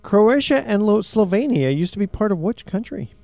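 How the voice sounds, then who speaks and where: A man's voice: sits high, very animated, gravelly, mellow. A man hosting a radio talk show, upbeat and playful with his co-hosts. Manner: upbeat, playful, quick to laugh.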